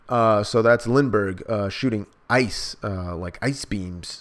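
A man's voice: lowish voice, slow, few pauses. A man doing a live manga reaction, hyped and slangy, reading the dialogue in raised voices.

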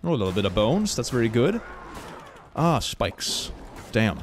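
A man's voice: medium pitch, very animated, a little slow, slight background noise. A young man giving playful, goofy let's play commentary, full of silly sound effects. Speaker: gaming YouTuber.

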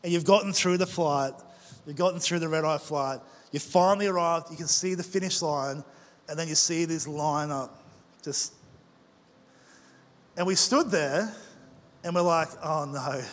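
Pastor preaching in a reverberant hall. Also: male voice, on the high side. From Australia. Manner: conversational storytelling with quick asides. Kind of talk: sermon. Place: large church auditorium. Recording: long church hall reverb with faint music.

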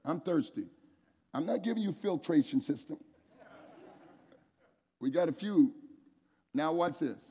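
A man preaching an energetic sermon at a men's conference, calling on the crowd to answer back and raise their hands. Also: fairly high pitch, measured pace, long pauses, husky. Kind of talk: energetic sermon with call-and-response. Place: large church hall with an audience. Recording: echoey hall, long reverb.

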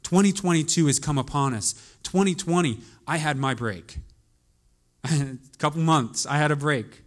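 A male pastor preaching with a voice set somewhat high for a man. He shifts from soft, reflective storytelling to raised, urgent exhortation, pushing the congregation to respond. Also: measured pace. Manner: animated preaching, builds from quiet musing to loud urging. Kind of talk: sermon.

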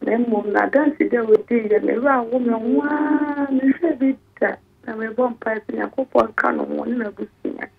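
Gravelly woman on phone. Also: on the high side, normal speed. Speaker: caller. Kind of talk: phone-in call. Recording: tinny phone line.

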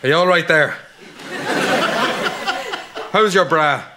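A naive young Irish priest. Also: male voice, a little high, slow pace. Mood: clueless. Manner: naive, blurting, simple-minded. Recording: noisy TV sitcom audio.

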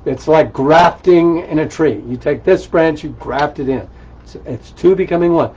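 A man's voice: on the high side, normal speed, darkish tone, husky. A man preaching a sermon in a conversational way, with asides and rhetorical questions. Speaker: pastor. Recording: dull lo-fi recording.

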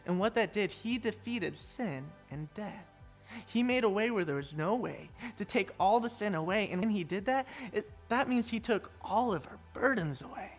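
A woman's voice: mid-range voice, animated, normal speed, faint music behind. A woman giving an online children's church sermon, telling the story animatedly and talking straight to the kids. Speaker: children's pastor.

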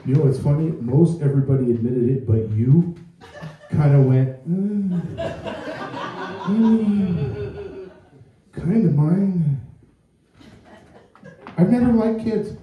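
A comedian with a mid-range, animated voice speaks at normal speed through phone-quality sound. He rambles through stories that poke fun at himself in front of a live audience, recorded from afar in an echoey club.

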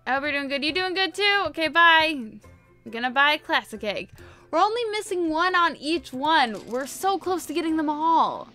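A woman's voice: high voice, lively intonation, moderate pace, bright, forceful tone, faint music behind. A woman giving casual, playful let's-play commentary, chatting to her viewers and repeating herself often. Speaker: gaming video host.

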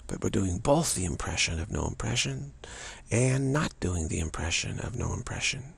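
A man with a low, deeply husky voice, full of gravel and fry. He speaks as a spiritual teacher in a loose, musing way. He repeats long phrases and trips over them as he goes. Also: lively intonation, normal speed. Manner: repetitive, stumbling over tongue-twisting phrases; casual and musing, many fillers. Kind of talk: rambling spiritual talk.

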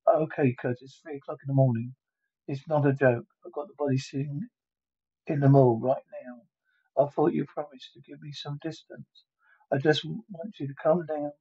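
A man's voice: a little high, warm tone, breathy edge, lo-fi sound. A man reading a whole movie script aloud alone, voicing every part and calling out the sound effects himself. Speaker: solo reader of a movie script. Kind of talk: one-man dramatic script reading with spoken sound cues.

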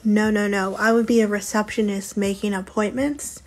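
A woman's voice: medium pitch, steady tone, normal speed, low-quality recording. Chatty young woman streaming live. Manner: chatty, answering viewers' questions. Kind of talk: casual live-stream chat.

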